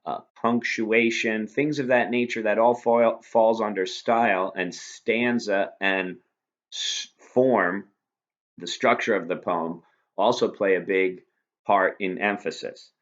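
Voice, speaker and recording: Low-voiced man teaching a lesson. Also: fairly even intonation, takes it slowly, a bit bright, lo-fi sound. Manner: patient, explanatory, asks rhetorical questions. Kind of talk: recorded lecture review.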